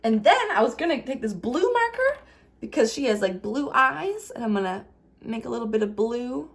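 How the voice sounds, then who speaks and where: Lively-voiced woman teaching kids a craft. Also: a little high, moderate pace, gravelly. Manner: warm, playful, asks kids questions.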